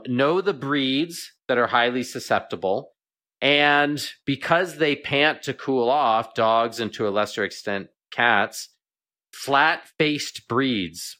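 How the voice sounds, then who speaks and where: A veterinarian appears as a guest on a radio show, explaining plainly and often repeating words while he thinks. His voice is fairly low, bright, and forceful.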